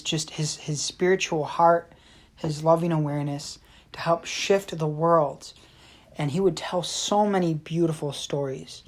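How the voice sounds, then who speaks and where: A woman co-hosting a podcast tells teaching stories in an earnest, measured way. Her voice is low for a woman. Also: darkish tone. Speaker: podcast co-host. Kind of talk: storytelling in a casual chat.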